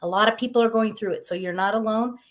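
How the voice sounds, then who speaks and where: A middle-aged woman hosting a live-streamed inspirational talk show, upbeat and gently encouraging in a conversational way. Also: medium pitch, fast. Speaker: host.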